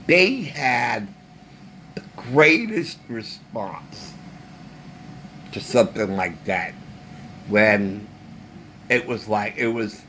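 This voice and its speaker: A man speaking alone to the camera, ranting in a casual monologue with slow emphasis and long pauses. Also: lowish voice, fairly bright tone, slight background noise. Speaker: vlogger.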